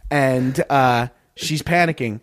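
A man's voice: mid-range voice, slow pace. A man co-hosting a casual comedy talk, telling a rambling story full of fillers and laughs. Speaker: podcast co-host.

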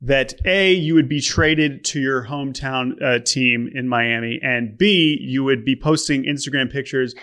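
A man's voice: medium pitch, measured pace, hardly any pauses, a bit bright. A man co-hosting a sports podcast, asking questions in a playful, casual way. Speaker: podcast co-host. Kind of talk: casual interview chat.

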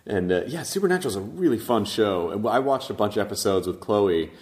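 A man's voice: lowish voice, brisk. Eager, stammering male podcast host. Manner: enthusiastic, animated, stammering restarts. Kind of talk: casual interview chat.

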